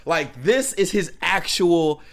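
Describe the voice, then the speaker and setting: An enthusiastic man praises a song, repeating himself as he goes. His pitch moves in a lively way over a faint hiss of noise. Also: slow pace. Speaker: reaction video creator. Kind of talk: casual reaction commentary.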